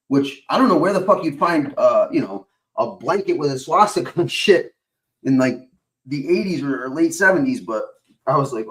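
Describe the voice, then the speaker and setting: A man's voice: mid-range voice, fairly bright tone. A man hosting a stream, rambling in casual chat, swearing constantly and filling gaps with uh and whatchamacallit. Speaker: stream host.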